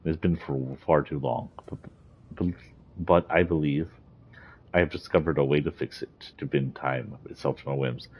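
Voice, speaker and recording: A man's voice: extremely low pitch, steady tone, fairly quick, few pauses, slightly rough. A man reading the lines of a villainous armored monarch sorcerer from game lore, close to his own voice. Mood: ominous. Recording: dull lo-fi recording.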